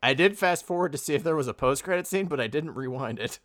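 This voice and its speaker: A man co-hosting a movie review podcast, telling stories in a loose, animated way with loud outbursts. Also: on the high side, fast talker, no room sound, clean studio sound. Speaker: podcast co-host. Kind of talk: casual movie review chat.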